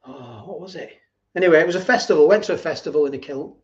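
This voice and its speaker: On a livestream with dull lo-fi audio, a middle-aged man reads viewer comments and replies in a rambling, repetitive, casual way. He talks fast in a voice that sits on the high side.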